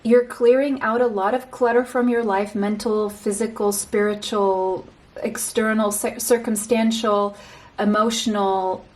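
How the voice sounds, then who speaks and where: A woman giving a pick-a-card tarot reading, speaking straight to the listener in a slow, reassuring way and often repeating a phrase. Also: medium pitch, steady tone, a little mellow, rough recording.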